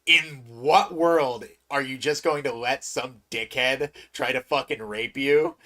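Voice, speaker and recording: A man's voice: mid-range voice, slow. A man co-hosting a casual podcast, laughing often and stammering as he talks. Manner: giggly, stammering, animated. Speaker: podcast co-host.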